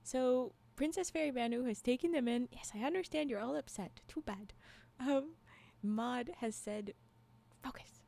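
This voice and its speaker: Her voice is fairly high, gravelly and warm, moving at a normal clip. She's a livestream storyteller having a loose chat with viewers, breaking into laughter, restarting sentences and drifting off into asides.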